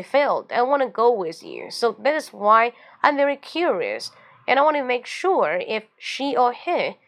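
A woman with a Mandarin Chinese accent hosting an English lesson show, explaining everyday phrases and acting out little example lines. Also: medium pitch. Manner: lively teaching with acted example phrases, mixing in Mandarin explanations. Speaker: host.

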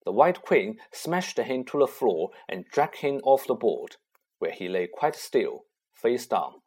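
A man narrating a children's story in an expressive, unhurried way. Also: mid-range voice, slightly rough. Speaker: audiobook narrator.

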